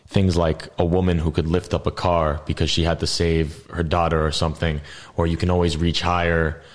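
A man with an extremely low voice hosts a casual interview. He keeps the talk light and upbeat and praises his guest often. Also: level tone, fairly quick. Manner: upbeat and encouraging. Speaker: podcast host.

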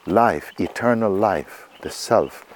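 A man giving a spiritual talk to a gathering, asking questions and answering them himself and softly repeating phrases. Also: on the low side, animated, takes it slowly, slight background noise. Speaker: spiritual teacher.

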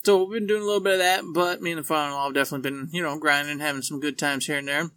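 A man's voice: a little high, fairly even intonation, rapid-fire, pushed and bright, no room sound. A young adult man co-hosting a casual podcast, upbeat, hammy and playful. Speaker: podcast co-host.

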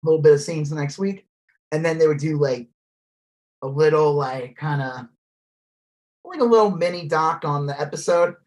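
A man co-hosting a podcast in casual chat, rambling and animated, swearing freely and mimicking posh voices. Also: a little high, normal speed, pauses often. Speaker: podcast co-host.

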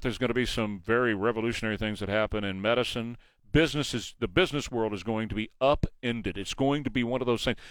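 A man's voice: medium pitch, clean tone, dry recording. A man hosting a morning news talk show, talking emphatically and asking rhetorical questions into a studio mic. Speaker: radio talk show host.

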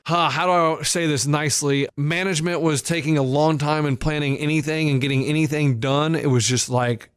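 A man's voice: a little high, steady tone, fairly quick, few pauses, clear, resonant tone, dry recording, clean studio sound. A man co-hosting a podcast, telling a story in casual chat and acting out quoted voices. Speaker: podcast co-host.

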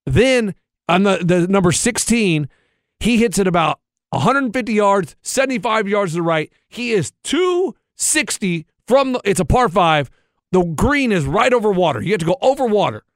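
A man's voice: high voice, big pitch swings, normal speed, no echo, studio quality. A man, podcast co-host, telling a story in a worked-up, ranting, profane way. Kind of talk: casual chat, storytelling.

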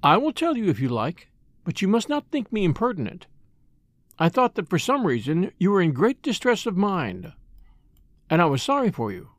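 A man reading aloud, voicing a calm, sensible country woman who works as a paid companion and speaks in a polite, measured way. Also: high-pitched, no room sound, exaggerated voice.

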